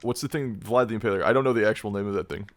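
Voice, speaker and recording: A man's voice: on the low side, racing, no room sound, studio quality. A man co-hosting a gaming podcast, teasing and slangy in casual chat. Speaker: podcast co-host.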